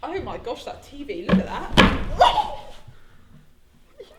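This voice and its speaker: A woman's voice: high-pitched, wildly swooping pitch, slow pace, roomy sound, very noisy. A woman co-hosting a casual youth-group video, giggly and easily shocked. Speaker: co-host. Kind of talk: casual chat.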